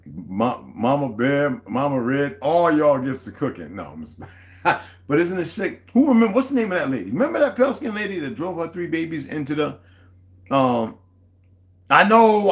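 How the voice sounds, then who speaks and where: Man hosting his own livestream: a cursing, fired-up rant with big swings in pitch, mid-range voice, breaks off to greet viewers. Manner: profane, heated, animated ranting; greets viewers and reads their chat comments aloud. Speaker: livestream host.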